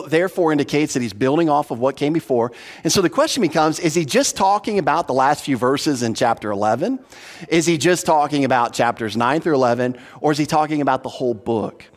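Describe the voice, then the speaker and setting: A man preaching an expository sermon as pastor, earnest and teacherly, stressing points by repeating them. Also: medium pitch. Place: church hall. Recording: long hall reverb.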